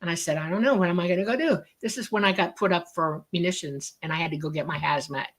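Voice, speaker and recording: A woman's voice: fairly low pitch, fast talker. Woman, casual interview storyteller, acts out the quotes, remote call audio. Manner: lively storyteller who acts out quoted dialogue.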